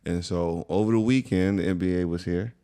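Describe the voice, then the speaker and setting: A young man from the US with a very deep voice and a gravelly edge, chatting on a podcast. He talks in a laid-back, slangy, conversational way. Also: fairly quick, warm tone. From USA. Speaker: podcast co-host. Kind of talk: casual storytelling chat.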